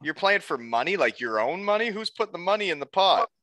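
A man hosting a casual chat, jumping in with quick questions and reactions. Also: high voice, sing-song, bright, forceful tone.

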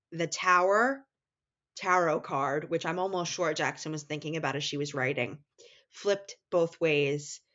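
A woman with a New York accent co-hosting a podcast, explaining a novel in an animated, explanatory way and laughing at her own slips. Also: deep voice, lo-fi sound. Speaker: podcast co-host. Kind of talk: casual literary discussion.

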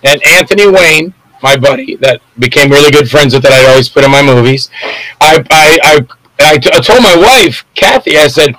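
A man with a fairly high, bright and forceful voice, talking as a film director on a guest spot. He tells his stories loosely and rambles, often stumbling as he hunts for names. The sound is close and dry. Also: expressive, moderate pace, no room sound, rough recording. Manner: rambling, loses names mid-sentence. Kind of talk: casual rambling storytelling.

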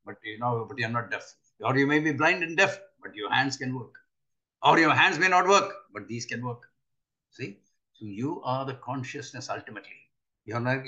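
An older man giving an earnest spiritual talk, often pausing to ask his listeners rhetorical questions. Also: medium pitch, pushed and bright. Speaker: spiritual teacher.

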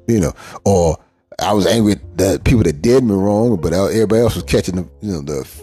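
Man, low husky voice, candid rambling personal monologue, soft music underneath. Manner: candid, rambling, emphatic, with frequent restarts. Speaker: podcast host.

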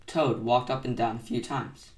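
A man hosting a bedtime story podcast, reading aloud gently in a soothing, unhurried style. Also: medium pitch, fairly even intonation, reverberant, recorded from a distance.

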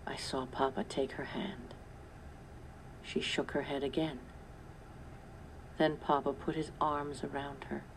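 A woman reading a storybook aloud in calm, measured narration. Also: low-pitched, a little hiss or hum, low-quality recording. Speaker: storybook reader. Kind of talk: scripted narration.

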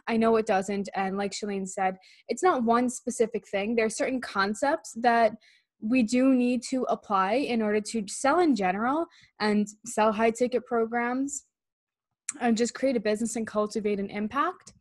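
A woman's voice: mid-range voice, no echo, clean studio sound. A woman coach co-hosting a podcast, talking in an upbeat, eager way. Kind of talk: casual podcast chat.

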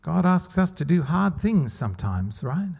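A pastor preaching a conversational sermon with rhetorical questions and laughter, at times. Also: male voice, a little high, sing-song, normal speed, gravelly, darkish tone, slightly rough.

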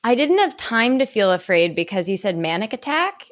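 A woman's voice: mid-range voice, sing-song, moderate pace. A woman guest on a comedy podcast, talking candidly and self-deprecatingly, often laughing. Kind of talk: casual comedic chat.

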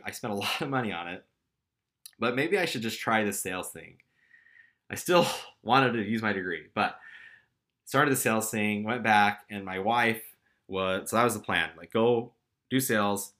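A man's voice: lowish voice, sharp tone. A young man casually telling a personal story with candid, self-deprecating humor. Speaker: storyteller recounting his career.

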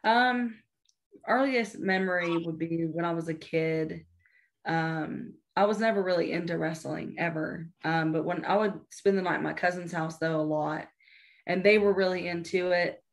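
A woman's voice: lowish voice, normal speed. A woman in her twenties, a professional wrestler, answering interview questions in a matter-of-fact way. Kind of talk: casual interview chat.

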